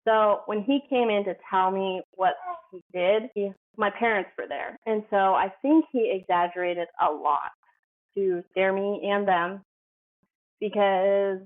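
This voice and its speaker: A woman podcast guest with a mid-range voice tells her story casually at a measured pace. She's chatty, says "like" constantly, and acts out the dialogue she quotes. The audio is narrow-band, like a phone line.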